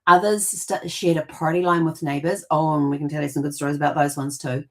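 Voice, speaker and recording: Brief: middle-aged New woman, lower voice, chatty storyteller who restarts often. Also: little pitch movement, brisk, fairly bright tone. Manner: chatty, rambling, with frequent restarts and laughs. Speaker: genealogy podcast host. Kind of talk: casual storytelling monologue.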